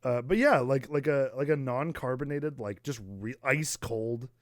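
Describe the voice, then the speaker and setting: A man from the United States co-hosting a podcast in casual chat, animated, full of fillers and mock outrage. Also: medium pitch, measured pace, no echo, clean studio sound. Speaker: podcast co-host, musician.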